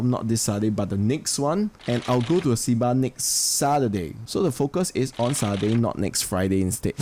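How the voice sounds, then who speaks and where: A man with a Singaporean English accent delivers an English lesson as a voice-over, slowing down to stress the words in his example sentences. His voice is mellow and relaxed. A faint hum of room noise sits under his voice. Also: medium pitch. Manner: explains step by step, speaks example sentences slowly with stress. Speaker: English teacher. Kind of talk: instructional lesson.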